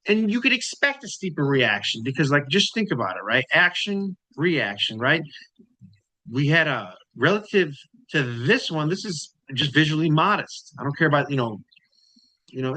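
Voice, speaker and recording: A man's voice: mid-range voice, pushed and bright, no echo, low-quality recording. A man hosting a trading channel, talking casually through charts. He repeats phrases for emphasis and keeps checking in with "right?" and "you know".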